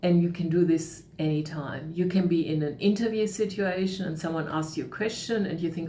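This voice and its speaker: A middle-aged woman talks as a coach in a calm, reflective manner. She sometimes acts out the thoughts in someone's head. Her voice sits a little low, and the call sounds echoey with a faint background hiss. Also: brisk, few pauses. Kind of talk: talk on emotional coaching. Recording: echoey room with faint noise.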